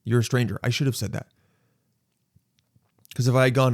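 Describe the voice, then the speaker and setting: A man hosting his own podcast, telling a story in a casual monologue and acting out quoted lines with sudden jumps in pitch. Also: a little fast, dry recording, clean studio sound. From Los Angeles. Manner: animated, acts out quotes with sudden high jumps. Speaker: podcast host.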